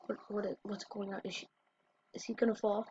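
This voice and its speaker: A woman's voice: medium pitch, level tone, fairly quick, noisy background. A woman giving casual reaction commentary on fail clips as a YouTuber, exclaiming short reactions. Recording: dry, dull lo-fi recording.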